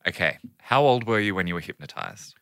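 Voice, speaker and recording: A man's voice: on the low side, animated, fairly quick, fairly bright tone, clear, resonant tone, no room sound, studio quality. A man, a playful podcast co-host interviewing a guest in casual chat. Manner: playful, pun-loving, attentive.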